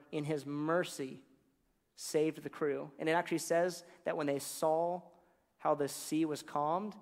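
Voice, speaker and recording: Casual, joking man preaching in a hall. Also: a little high. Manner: casual, humorous storytelling with slangy asides. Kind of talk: sermon.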